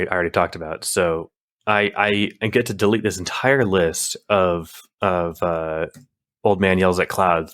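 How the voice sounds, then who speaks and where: His voice sits low with a fairly bright tone as he co-hosts a podcast. It's casual, wandering talk, heavy on fillers and restarted sentences.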